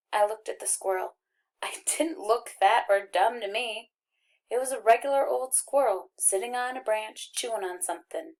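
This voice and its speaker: A woman reading a first-person novel aloud as an audiobook narrator, with expressive, wry storytelling. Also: on the high side, moderate pace.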